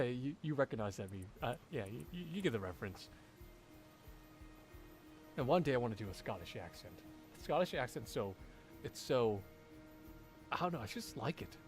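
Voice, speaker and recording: A man's voice: mid-range voice, big pitch swings, normal speed, long pauses, soft background music. A man doing casual let's-play commentary, thinking aloud, swearing and rambling about his guesses. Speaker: voice actor playing a game on stream.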